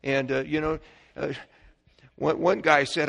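A man's voice: mid-range voice, steady tone, normal speed, gravelly, a bit bright. A middle-aged man preaching a sermon, emphatic, with frequent restarts and personal asides.

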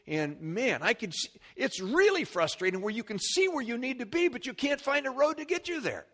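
A male pastor preaching a sermon, animated, with restarts and repeated words and side remarks to the congregation. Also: very high-pitched, brisk.

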